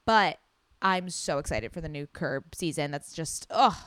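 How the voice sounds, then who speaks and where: Loud, gushing woman podcast host. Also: low-pitched, measured pace, dry recording. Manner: excited, gushing, swears casually. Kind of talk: solo podcast chat.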